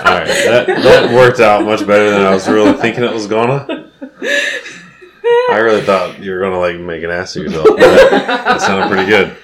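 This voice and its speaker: Man, very deep lively voice, dry teasing, casual chat. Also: moderate pace, a loud crowd. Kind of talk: casual late-night family chat.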